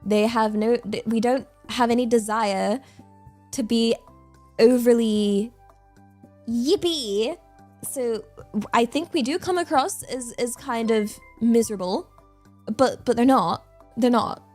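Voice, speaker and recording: A woman's voice: on the high side, slow pace, pauses often, darkish tone, faint music behind. A young English woman streaming, chatting casually with viewers in a bubbly, chatty way and laughing often. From England. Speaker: VTuber streamer.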